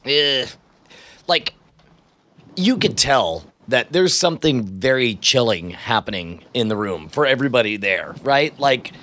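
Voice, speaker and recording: Lively, laughing male podcast co-host. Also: medium pitch, measured pace. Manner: animated, laughs often, self-interrupting. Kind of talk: casual comedic chat.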